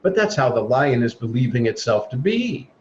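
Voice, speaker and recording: A man's voice: mid-range voice, sing-song, normal speed, a little mellow. Man giving an earnest spiritual talk. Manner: earnest, exhorting, acts out quoted voices. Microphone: video call. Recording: dull lo-fi video call audio with faint noise.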